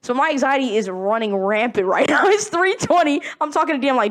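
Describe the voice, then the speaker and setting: A young woman hosting a podcast, telling a story in casual chat, animated and profane, laughing often. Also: high voice, quick pace, hardly any pauses. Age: young adult. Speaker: podcast host.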